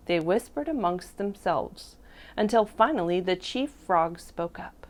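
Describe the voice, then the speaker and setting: A woman preschool teacher reading a picture book aloud to young children, doing expressive voices for the animals, then leading a drawing activity. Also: medium pitch, unhurried. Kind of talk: children's storybook read-aloud.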